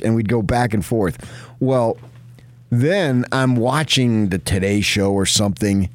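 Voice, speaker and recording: Middle-aged man from New Jersey, very deep voice, dry close mic, rambling storyteller co-host. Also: measured pace, no echo. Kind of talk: casual chat.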